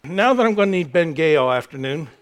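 A man's voice: fairly high pitch, animated, fast talker. A middle-aged man preaching a sermon as pastor, mixing self-mocking jokes with praise.

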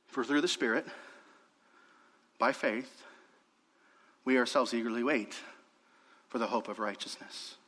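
A man preaching a sermon as pastor, swinging between emphatic raised passages and quiet, hushed stretches. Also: medium pitch, measured pace, pauses often. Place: church sanctuary. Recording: long hall reverb.

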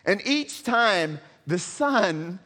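A man's voice: high voice, lively intonation, drawn-out words. Male pastor, dramatic sermon storyteller, long hall echo. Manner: dramatic storytelling, swings between loud and hushed.

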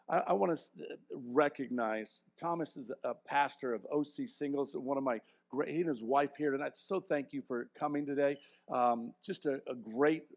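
A middle-aged man preaching a sermon, swinging from quiet, self-mocking asides to loud, emphatic points, with frequent restarts. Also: mid-range voice. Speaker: pastor.

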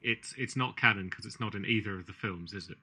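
Bright husky man in casual chat. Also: on the low side, fast.

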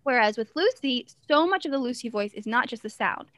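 A woman's voice: fairly high pitch, animated, a bit bright, dry recording. Staccato, teacherly woman performer. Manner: staccato, teacherly rhythm with abrupt pauses. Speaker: character performer. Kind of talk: interview conversation.

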